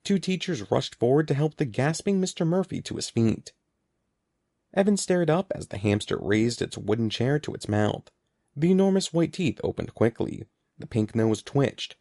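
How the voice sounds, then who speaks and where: A man narrating an audiobook in an expressive, animated reading voice, close to the mic. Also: medium pitch, moderate pace, no echo.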